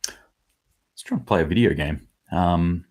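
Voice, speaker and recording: A man's voice: low-pitched, animated, moderate pace, darkish tone. A man hosting his own daily preparedness commentary, talking casually and bluntly, rambling a little and swearing now and then. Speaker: host of a daily preparedness news show.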